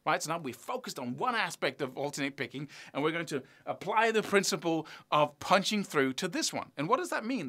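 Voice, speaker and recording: Lively, high-voiced man teaching guitar. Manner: animated, chants rhythms aloud; chatty, self-mocking. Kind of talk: spoken video lesson.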